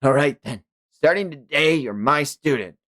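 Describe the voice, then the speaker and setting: A man voicing a brash young male ninja leader who shouts urgent orders. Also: fairly high pitch, expressive, moderate pace, no room sound, studio quality. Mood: fond.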